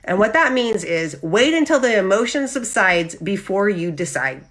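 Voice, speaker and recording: A woman's voice: medium pitch, moderate pace. A woman hosting a live Christian devotional, talking animatedly and checking in with her listeners. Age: adult with husband and child. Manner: animated, often checks in with "okay?"; acts out lively quoted voices. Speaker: Christian women's devotional host.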